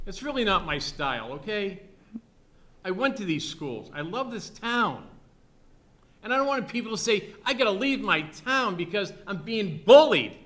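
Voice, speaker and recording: Emphatic high-voiced man at a public meeting. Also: bright, forceful tone. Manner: emphatic, repetitive, patriotic, scolding. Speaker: resident at public comment. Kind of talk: impassioned public comment.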